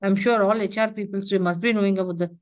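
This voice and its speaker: A woman trainer leads an interactive class at an ordinary middle pitch. She keeps throwing quick questions at her listeners and checks in with "huh?" and "you know" as she explains. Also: fairly even intonation, crowd noise. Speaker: corporate trainer.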